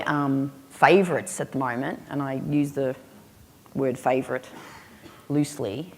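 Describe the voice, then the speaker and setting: Woman, keynote speaker, low voice, punchy humour, reverberant hall. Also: slight background noise. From Australia. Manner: punchy, humorous, emphatic delivery with rhetorical questions. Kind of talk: storytelling keynote speech.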